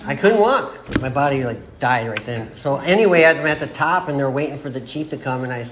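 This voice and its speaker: A man in his forties, his voice mid-range and fairly quick, addresses an AA meeting about his recovery. He rambles along, laughing at himself while acting out what people said, and the recording carries the echo and background noise of the meeting room.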